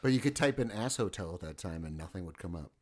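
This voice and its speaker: A man's voice: low-pitched, expressive, fast. A man co-hosting a podcast in casual, joking chat. He swears and stumbles over his words. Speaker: podcast co-host.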